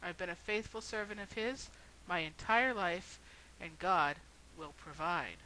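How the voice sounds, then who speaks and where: A woman's voice: on the low side, measured pace, pushed and bright, slight background noise, low-quality recording. A woman voicing a stubborn, devout man who insists his faith will save him, speaking insistently and then pleading.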